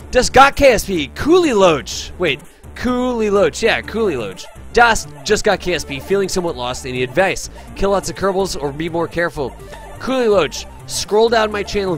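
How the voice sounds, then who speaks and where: Man, game streamer, fairly high voice, chatty, enthusiastic, faint background music. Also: a bit bright. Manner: upbeat and chatty, thanks viewers, calls people dude. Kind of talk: live gameplay commentary, reading chat.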